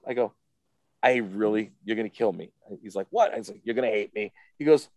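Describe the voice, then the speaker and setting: A man's voice: mid-range voice, fast talker, mellow, no room sound. A man, a guest on an interview show, tells a story in a casual, rambling way, often stopping with "what do you call it" and acting out the voices of the people in it. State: emotional, close to tears.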